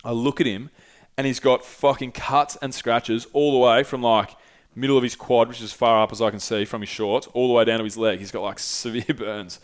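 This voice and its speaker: A man's voice: medium pitch, little pitch movement, fairly quick. A young man casually telling a travel story, laid-back and swearing freely as he acts out what people said. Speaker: podcast host.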